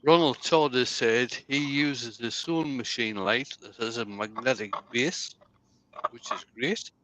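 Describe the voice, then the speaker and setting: A man co-hosting a livestream, lively and teasing as he reads out viewer comments. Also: mid-range voice, a little slow. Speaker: livestream co-host reading viewer chat. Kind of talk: casual livestream chat. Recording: faint background noise.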